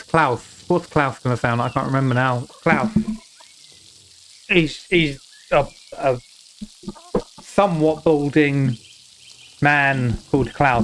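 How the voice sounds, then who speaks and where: Brief: British male streamer, unhurried, self-mocking, faint background hiss. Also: on the high side, a bit bright. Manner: self-mocking, reads game text aloud, laughs often. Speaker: game streamer. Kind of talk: casual live-stream commentary.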